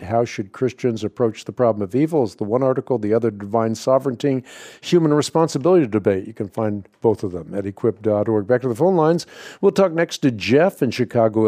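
Mellow-voiced man hosting a radio call-in. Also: medium pitch, no room sound. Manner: measured, thoughtful, repeats words when starting. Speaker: radio Bible-answer host. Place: radio studio.

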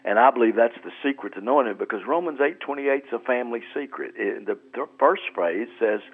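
A man's voice: mid-range voice, a little fast. A man, a pastor, explaining scripture in an earnest radio interview, often repeating words as he restarts. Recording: tinny phone-like radio line.

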